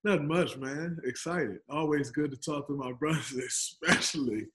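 Male podcast guest, slightly high voice, relaxed and jokey, casual chat over a video call. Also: normal speed. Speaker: podcast guest, basketball player. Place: home on the West Coast.

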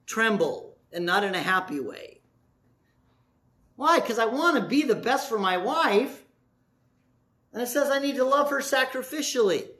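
High, bright-voiced preacher man. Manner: dramatic storytelling, acting out voices, shifting from loud to soft. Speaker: pastor. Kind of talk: sermon.

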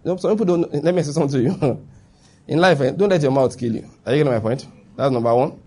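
Husky-voiced man preaching emphatically. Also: a little high, fast talker, mellow. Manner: emphatic, checks in with listeners. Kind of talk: sermon. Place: before a live congregation.

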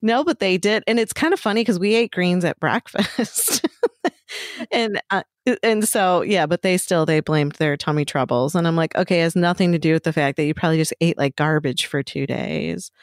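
A middle-aged woman chatting casually as a co-host, her stories animated and peppered with swearing. Her voice sits on the low side. The sound is dry and close. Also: normal speed, dry recording. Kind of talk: casual chat.

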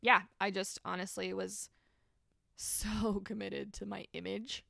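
Young woman, interview guest, heavy vocal fry, dry close sound, candid personal storytelling. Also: medium pitch, level tone, measured pace, fairly bright tone, dry recording. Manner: candid, storytelling, many "like" fillers. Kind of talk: personal testimony in a podcast interview.

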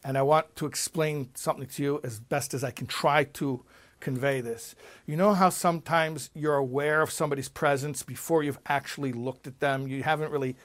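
A man speaking as a rabbi, telling a personal story in an animated way and often repeating himself. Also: on the high side. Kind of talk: storytelling talk.

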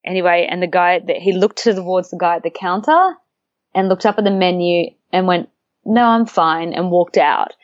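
A young woman, a guest telling a story in a relaxed, chatty way, often laughing and acting out the voices of the people in it. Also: on the low side, moderate pace, no room sound, dull audio. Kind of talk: casual storytelling interview.

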